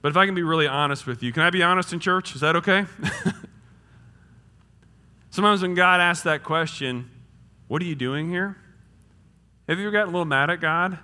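A man preaching a sermon in a casual, joking way, swinging between loud emphasis and hushed tones. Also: a little high, a little fast, pauses often, long reverb tail. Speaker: pastor. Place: church.

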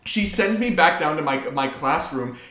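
A man telling profane, animated stories in casual chat. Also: a little high, normal speed. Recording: echoey room.

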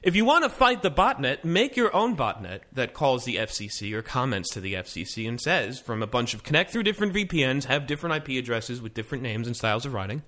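A man co-hosts a casual tech chat show, speeding through stories with plenty of restarts and tangents. His pitch swings widely as he talks, lively and animated throughout. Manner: fast, rambling, animated. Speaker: podcast co-host.

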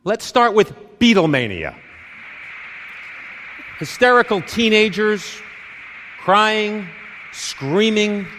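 A man delivers a conference talk in a high, lively voice that rises and falls with every phrase. He speaks slowly in short, punchy lines, and the long reverb of a big hall trails each word. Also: noisy background. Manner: deliberate, dramatic short phrases with pauses. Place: stage in a large hall.

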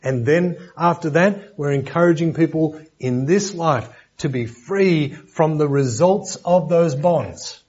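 Husky man preaching. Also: on the high side, slow, few pauses, a little mellow, lo-fi sound. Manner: conversational, joking asides, repeats words. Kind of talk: sermon lesson.

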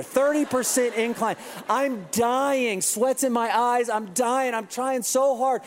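A man preaching a sermon, telling a funny story with quoted voices and lively asides. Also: very high-pitched, measured pace. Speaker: pastor. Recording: reverberant hall.

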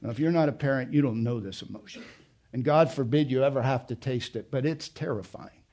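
A male pastor preaching a passionate sermon, dropping from loud emphasis to hushed, quiet storytelling. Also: medium pitch, brisk.

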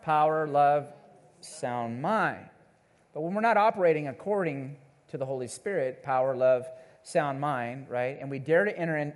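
A male pastor preaching a sermon to his congregation in a conversational way, calling out to the listeners and acting out the people he quotes. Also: fairly high pitch. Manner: animated, acts out the people he quotes. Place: church service before a congregation.

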